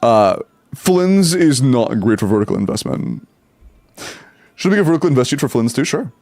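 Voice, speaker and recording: A man's voice: mid-range voice, wildly swooping pitch, normal speed, gravelly, a little mellow, dry recording. A man streaming live, casually talking through game account advice and answering chat, loose and rambling with some swearing.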